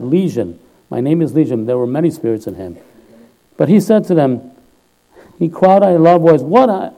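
A man preaching a casual, conversational sermon to a congregation. His tone is very dark and mellow. He keeps checking in with his listeners and swells louder and higher when he urges them on. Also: low-quality recording. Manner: informal, chatty preaching with frequent "all right?"; rises loud and high on quoted voices and exhortations.

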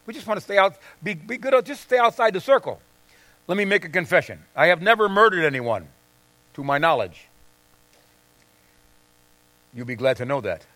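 A man's voice: high voice, bright, forceful tone, no echo. A middle-aged male pastor giving a conversational sermon to a congregation, often acting out quoted voices and asking "right?" and "okay?". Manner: conversational, confessional preaching with acted-out quotes. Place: church sanctuary with congregation.

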